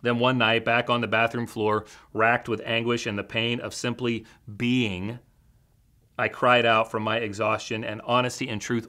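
A man preaching a sermon as a teaching pastor in a church, with an earnest, measured storytelling delivery. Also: mid-range voice, level tone, bright, forceful tone.

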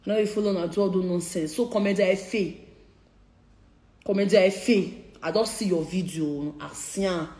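A woman's voice: on the low side, brisk, warm tone, reverberant. A young woman in her twenties with a Nigerian Pidgin English accent, confronting critics in a heated, repetitive live-stream rant. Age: 20s. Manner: confrontational, repeats her points. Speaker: social media personality.

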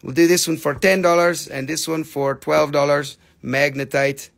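A man running a live sales stream, joking, swearing and excitable, while he is losing his voice. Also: on the high side, normal speed, vocal fry.

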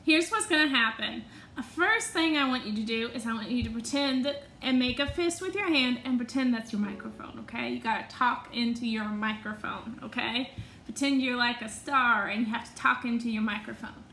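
A woman's voice: on the high side, normal speed, gravelly, bright, forceful tone, a little hiss or hum. A woman teacher leading a phonics lesson for young children, stretching out each sound with sing-song prompts. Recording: echoey room.

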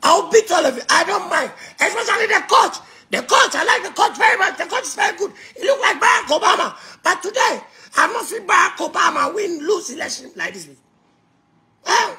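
A man with a Ghanaian accent ranting angrily, shouting and mocking with laughs between jabs. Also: very high-pitched, very animated, fairly quick, gravelly. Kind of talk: angry ranting monologue.

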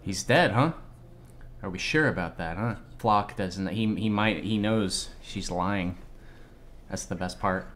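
A man giving excitable, slangy live reaction commentary on an anime episode, exclaiming and swearing often. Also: low voice, slow pace, slight background noise.

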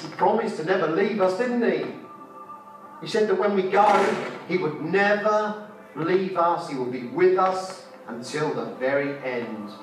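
Fairly high in pitch yet darkish in tone, a male preacher delivers an impassioned sermon at a conference, echoing his own phrases and questioning the crowd rhetorically. The mic sits far off in the reverberant hall, with faint music behind him.

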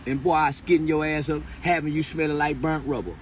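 A man with a high voice rants in a crude, taunting way, full of profanity. He laughs often and fires off repeated words in quick bursts. A faint vehicle hum sits behind him. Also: fairly even intonation. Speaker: commentator. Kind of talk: profane mocking rant.

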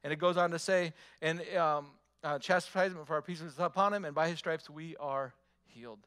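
A man's voice: fairly high pitch, a little fast, a bit bright, clean tone. A male pastor preaching a sermon, emphatic, repeating phrases and asking the congregation rhetorical questions.

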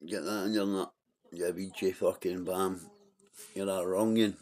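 A man's voice: sits low, little pitch movement, a little slow, darkish tone, a little hiss or hum. A Scottish man in casual live-stream chat, blunt and rambling, swearing freely as he calls people out.

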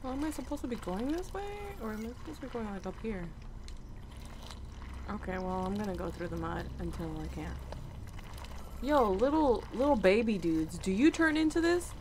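A woman's voice: mid-range voice, lively intonation, moderate pace, noisy background. A woman commentating a horror game as she plays it, jumpy and easily frightened, gasping, cursing and talking to the characters on screen. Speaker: let's play host. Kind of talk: gameplay commentary.

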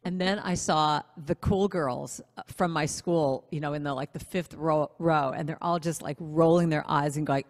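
Lively woman telling a story, echoey. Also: deep voice, normal speed, hardly any pauses. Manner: animated, self-deprecating storyteller. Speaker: singer-songwriter guest. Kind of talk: storytelling in a casual interview. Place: online video interview.

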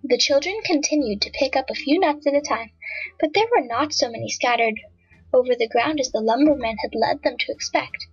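A woman with a high, husky voice reads a children's adventure story aloud. The sound is dull and lo-fi, with faint background music. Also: a little fast. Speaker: audiobook narrator.

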